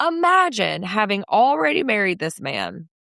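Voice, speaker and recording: A woman co-hosting a podcast talks with wide swings in pitch and keeps dropping into little voices to quote the people she describes. The sound is close and dry, with no room around her. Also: normal speed, vocal fry, dry recording. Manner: animated, slips into quoted voices. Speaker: podcast co-host. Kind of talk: casual recap chat.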